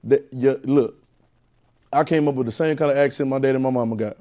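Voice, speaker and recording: A man's voice: mid-range voice, steady tone, brisk, mellow. A man teaching a Bible class in a preaching style, repeating phrases and calling out questions to the room. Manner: call-and-response, repetitive, emphatic.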